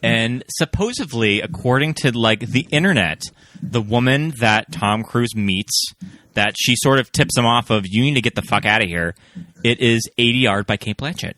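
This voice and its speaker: A man co-hosting a movie podcast, talking in measured, thoughtful phrases. His voice has a bright, forceful edge. The sound is dry and close to the mic. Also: medium pitch, no room sound. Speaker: podcast co-host. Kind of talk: casual chat.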